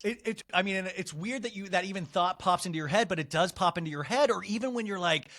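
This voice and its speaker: Guy podcast host, pretty high voice, chatty and excitable, all over the place. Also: fast. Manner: chatty and excitable, jumping between stories. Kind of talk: casual podcast chat.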